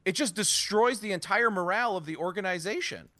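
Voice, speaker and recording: A man's voice: high-pitched, fairly quick, bright, forceful tone, dry recording. A man co-hosting a casual sports podcast, ranting bluntly with some profanity. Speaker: podcast co-host.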